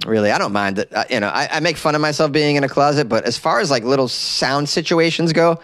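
A man hosting a comic news podcast, rambling through jokey asides and jumping to high exclamations, recorded at a small desk in a closet. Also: quick pace, a bit bright, no room sound, clean studio sound. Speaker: podcast host and comedian. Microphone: desk mic in closet.

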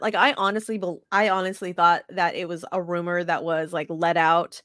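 Animated, profane woman chatting sports. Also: lowish voice, no echo, studio quality. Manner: animated, profane storytelling with fast restarts. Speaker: podcast co-host. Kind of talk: casual sports chat.

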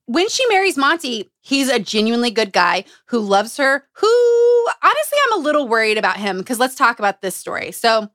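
A woman hosting a casual book-club podcast, talking in an animated way, swearing freely and reading passages aloud. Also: on the high side, a little fast, few pauses, no echo, studio quality. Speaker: podcast host.

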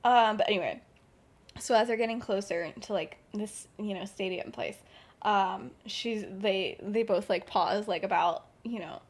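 A woman's voice: mid-range voice, measured pace, breathy edge. A young woman hosting a podcast, rambling through a story in casual chat, giggling and saying "like" a lot. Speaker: podcast host.

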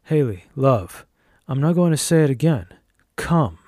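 A man's voice: medium pitch, big pitch swings, a little slow, mellow, no echo. Man doing a cold, commanding demon. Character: menacing male demon posing as a man.

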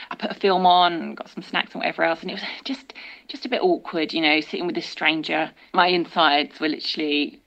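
A woman's voice: sits low, steady tone, fast, gravelly, fairly bright tone, muffled recording. A woman sharing a dating story in a candid, self-deprecating way, acting out her own past lines. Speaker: listener sharing a dating dilemma.

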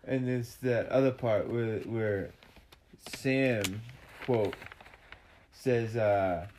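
A woman's voice: extremely low pitch, drawn-out words, warm tone, a little hiss or hum. A woman co-hosting a podcast, speaking bluntly, swearing and joking in casual chat. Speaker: podcast co-host.

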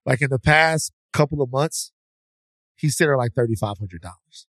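Medium-pitched and a little bright, this man speaks at a moderate pace on a clean studio track with no room sound. As a podcast co-host, he rambles through a slangy, casual story with several restarts.

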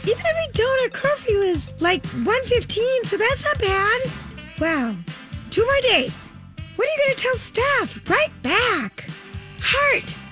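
Woman voicing scheming teenage mean girl, very high squeaky pitch, bouncy sing-song delivery, music underneath. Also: very animated, a little slow, exaggerated voice. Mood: chummy. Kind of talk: reading old notes aloud as a character.

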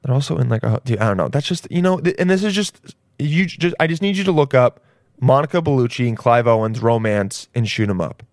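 A man's voice: medium pitch, expressive, fairly quick, a little mellow, dry recording, clean studio sound. A man hosting a comedy podcast, rambling crudely and laughing at his own jokes. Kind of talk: casual comedy podcast monologue.

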